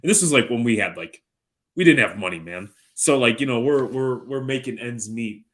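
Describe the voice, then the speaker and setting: A man's voice: mid-range voice, normal speed, fairly bright tone. A man in his thirties co-hosting a podcast, chatting casually and telling long, rambling stories with dry jokes and plenty of swearing. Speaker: podcast co-host. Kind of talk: casual chat.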